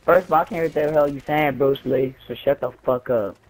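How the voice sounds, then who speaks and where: A man's voice: fairly high pitch, fast talker, poor audio. A man arguing with another player over online game voice chat through a gaming headset, snapping back with combative retorts. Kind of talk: heated voice chat.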